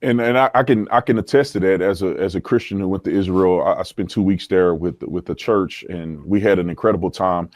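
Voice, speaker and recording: A man's voice: low-pitched, brisk, few pauses, darkish tone, dry recording. A man earnestly recounting a church trip in an interview, with stumbling restarts. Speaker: interview guest.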